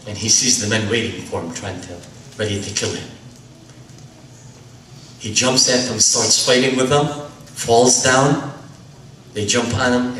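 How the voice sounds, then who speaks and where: A man's voice: on the low side, sharp tone, slight background noise. A man lecturing in a sermon, narrating a story dramatically and acting out the dialogue himself. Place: lecture hall. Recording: roomy, distant mic.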